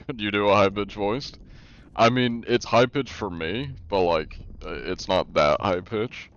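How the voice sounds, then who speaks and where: A man's voice: lowish voice, unhurried, a bit bright, smooth, highs cut off. A man streaming live, chatting casually while gaming and answering his chat, rambling with many fillers and restarts.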